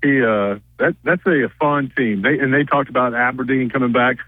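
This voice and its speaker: A man's voice: medium pitch, brisk, dry recording. Rambling man on a tinny phone line. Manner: rambling, filler-heavy, loses his train of thought. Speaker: reporter calling in from media days. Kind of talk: casual radio chat.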